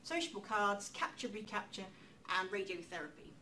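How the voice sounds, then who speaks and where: A woman giving a public talk in a lecture room, lively and chatty, with self-deprecating asides. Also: mid-range voice, normal speed. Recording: distant mic with faint room noise.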